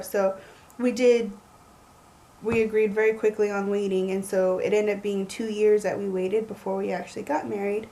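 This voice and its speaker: A young woman telling a story in a chatty, animated way, full of likes. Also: mid-range voice, normal speed, poor audio. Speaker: vlogger. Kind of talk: casual storytelling.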